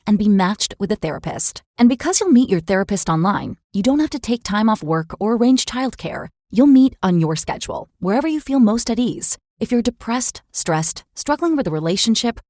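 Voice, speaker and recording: A woman reading a scripted sponsor ad in a calm, soothing, even way. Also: a little high, dry recording, studio quality. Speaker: ad read voice.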